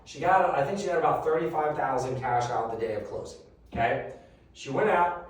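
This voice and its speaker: A man giving a reverse mortgage seminar, telling a long personal story in a casual, animated way. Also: mid-range voice. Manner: animated, conversational, swears casually. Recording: echoey room from a distant mic.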